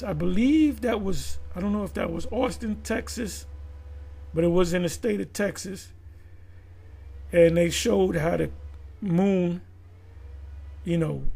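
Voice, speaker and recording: A man's voice: sits high, gravelly, a little mellow, breathy edge. A man giving a rambling commentary monologue, full of restarts and fillers. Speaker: video commentator.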